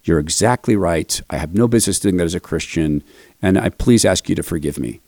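A man's voice: low voice, fairly quick, vocal fry, darkish tone, no echo, clean studio sound. An older man hosting a commentary show, telling a self-deprecating story between clips.

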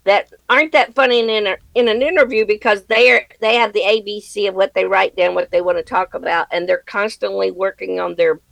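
Brief: middle-aged woman comic as interview guest, gravelly, earnest, dry close sound. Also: mid-range voice, fairly even intonation, brisk, few pauses, a bit bright, no room sound, rough recording. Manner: earnest and reflective, laughs easily, faith-centered. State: widowed. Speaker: comedian guest. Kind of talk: conversational interview answers.

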